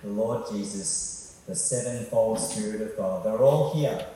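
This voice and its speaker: A man's voice: lowish voice, a little slow, warm tone, slight background noise. A man preaching a sermon, talking in a conversational way and putting questions to the congregation. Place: church hall. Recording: echoey hall from far off.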